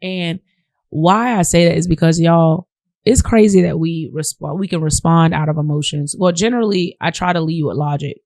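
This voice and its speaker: A woman with a Southern US accent hosts a podcast, delivering a casual monologue at normal speed in a low, slightly mellow voice. She talks straight to listeners, calling them "y'all," on a dry, studio-quality recording.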